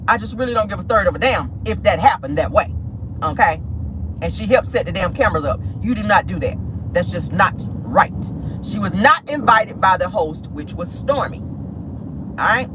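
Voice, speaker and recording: A woman hosting a casual celebrity gossip show from inside a car, sassy and animated, calling her listeners honey and girl. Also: mid-range voice, normal speed, background noise. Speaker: host of a gossip talk show.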